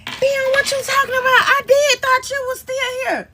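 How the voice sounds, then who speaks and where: A woman's voice: extremely high pitch, level tone, normal speed, pushed and bright, slight background noise, voice pushed up. A woman voicing her child's father, who plays dumb and brushes off the accusation. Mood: evasive. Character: evasive ex-boyfriend, playing dumb.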